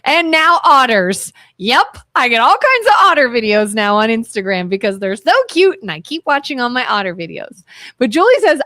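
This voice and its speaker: A woman co-hosting a casual live-streamed talk show, bantering in an animated, playfully defensive way. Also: a little high, moderate pace, no room sound, clean studio sound. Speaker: co-host.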